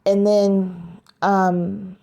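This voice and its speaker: Brief: woman recounting a scene, hesitant and unhurried, dark mellow tone. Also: medium pitch, level tone, creaky. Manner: hesitant, many filler sounds. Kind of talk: casual retelling of a story scene.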